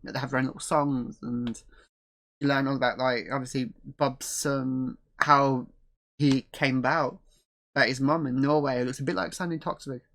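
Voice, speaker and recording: A man hosting a casual chat about a comedy series, relaxed and swearing freely. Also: mid-range voice, moderate pace, creaky. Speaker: host.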